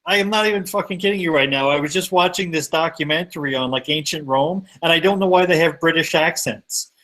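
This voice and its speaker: Man from long island, mid-pitched voice, joking, swears, quick quips, video call. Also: sharp tone. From Long Island, New York. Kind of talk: casual chat.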